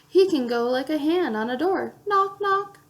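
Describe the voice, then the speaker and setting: A woman's voice: high-pitched, expressive, moderate pace, mellow. A woman reading children's picture books aloud, playfully acting out the sound effects. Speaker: children's book reader.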